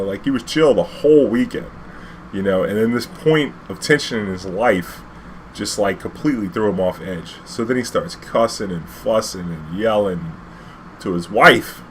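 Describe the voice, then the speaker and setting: A man's voice: on the low side, normal speed, fairly bright tone, slight background noise. A man, a cab driver telling a casual, rambling anecdote full of fillers and swearing.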